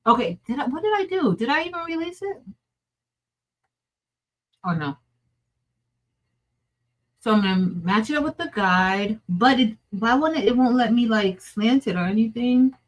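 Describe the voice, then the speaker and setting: A woman's voice: a little high, animated, moderate pace, pauses often, poor audio. A woman hosting a crafting livestream, chatting casually and muttering to herself as she works, with frequent laughs. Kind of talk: casual think-aloud crafting stream.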